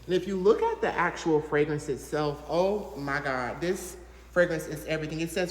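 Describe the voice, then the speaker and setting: An enthusiastic host chats through a product review, gushing and rambling with plenty of fillers. The voice sits at an ordinary middle pitch. It rings out in a hard room with a long, roomy reverb tail. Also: expressive, moderate pace, fairly bright tone. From Southern United States. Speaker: fragrance reviewer, channel host. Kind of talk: casual to-camera product review.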